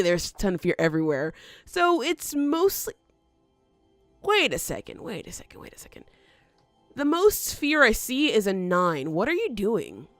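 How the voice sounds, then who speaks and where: A woman's voice: on the high side, no echo. A woman hosting a let's play, giving chatty gameplay commentary, talking back to the game and laughing often.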